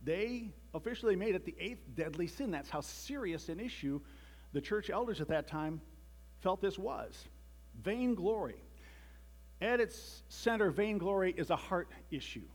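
A man's voice: high voice, lively intonation, unhurried. A man giving a conversational sermon with joking asides and frequent restarts, reading a children's story aloud as part of it.

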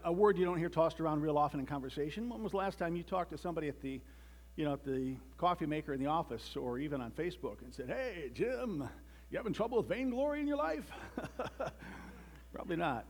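A man's voice: on the high side, slightly rough. A man giving a conversational sermon with joking asides and frequent restarts, reading a children's story aloud as part of it.

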